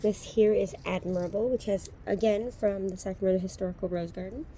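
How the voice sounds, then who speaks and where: A woman in her thirties giving a relaxed, casual tour of her backyard garden, with frequent ums, recorded on a handheld phone outdoors. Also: medium pitch, brisk, slight background noise. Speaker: gardening vlogger.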